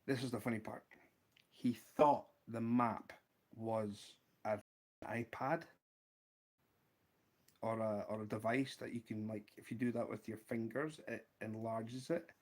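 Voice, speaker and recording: A man with a Scottish accent hosting a casual livestream, showing fly-tying materials and telling an animated story, laughing often. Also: lowish voice, unhurried, long pauses. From Scotland. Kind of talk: casual livestream chat and anecdote.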